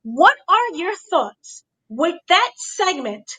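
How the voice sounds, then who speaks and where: A woman hosting a casual wrestling review, animated and acting out the quotes with gasps and shrieks. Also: extremely high pitch, slow. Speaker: show host. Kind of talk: casual wrestling recap chat.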